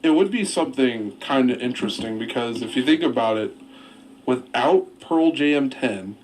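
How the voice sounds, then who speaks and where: A man's voice: mid-range voice, expressive, normal speed, slight background noise, poor audio. Male radio DJ, rambling and easygoing. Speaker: radio host. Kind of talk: casual radio talk. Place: radio studio.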